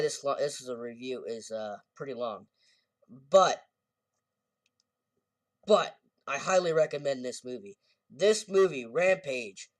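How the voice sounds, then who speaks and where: A man's voice: fairly high pitch, no room sound, far from the mic. A man giving a casual, rambling movie review, often correcting himself as he retells scenes.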